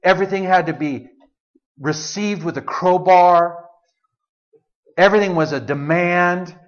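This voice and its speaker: A man's voice: sits high, unhurried, muffled recording. A man preaching a sermon in a conversational way, often slipping into the voice of God as he quotes him. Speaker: pastor.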